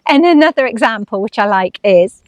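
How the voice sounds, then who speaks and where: A woman's voice: a little high, lively intonation, a little fast, dry recording. A woman vlogger talking casually, chatty and acting out her own inner voices. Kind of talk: casual chat.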